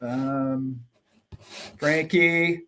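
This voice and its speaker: A man's voice: medium pitch, fairly even intonation, extremely slow, fairly bright tone. A man hosting a livestream, chatting casually and greeting viewers, rambling and friendly with lots of filler words. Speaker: livestream host.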